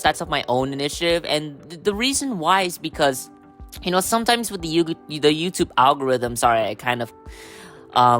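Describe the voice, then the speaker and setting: A man hosting a casual solo podcast, hoarse from a cold, rambling with lots of fillers and throat-clearing. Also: on the high side, bright, forceful tone. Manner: rambling, full of "you know" and "um", throat-clearing. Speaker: podcast host.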